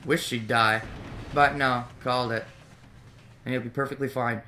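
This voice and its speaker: A man's voice: medium pitch, fairly even intonation, normal speed, pauses often, pushed and bright. A man doing offhand, sarcastic commentary while playing a video game. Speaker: let's play host. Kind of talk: casual gameplay commentary.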